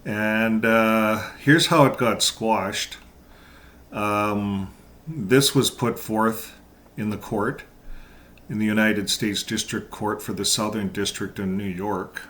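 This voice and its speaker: A man with a fairly low voice comments on documents he reads aloud. He sounds indignant, stops and restarts often, and uses many fillers. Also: fairly even intonation, slow, fairly bright tone. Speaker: channel host. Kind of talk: casual commentary reading court documents.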